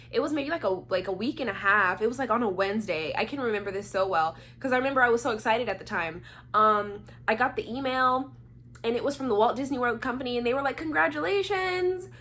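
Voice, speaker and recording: Speaking fairly quickly in a slightly high voice, a young Atlanta, Georgia vlogger tells a story in a chatty, casual, animated way. She acts out the voices of the people involved.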